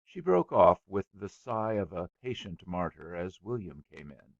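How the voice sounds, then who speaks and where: A man reading a children's story aloud with measured, expressive scripted narration. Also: deep voice, gravelly, dry recording, dull audio. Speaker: audiobook narrator.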